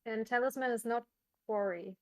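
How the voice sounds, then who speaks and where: A woman's voice: a little high, moderate pace, darkish tone, no room sound, poor audio. A woman co-commentating an online card game in a casual, playful way, hesitating a little and giggling often.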